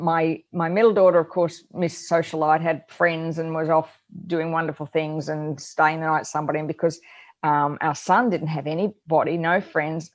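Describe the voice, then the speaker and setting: Woman, middle-aged, low-pitched voice, animated storytelling, parenting chat co-host. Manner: animated storyteller, acts out her own yelling. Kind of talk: conversational parenting advice chat.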